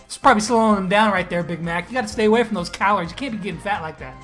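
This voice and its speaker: A man giving casual, excitable commentary on his own mobile game matches, teasing opponents and laughing at big plays. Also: high-pitched, very fast, faint music behind. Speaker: gaming YouTuber. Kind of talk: gameplay commentary.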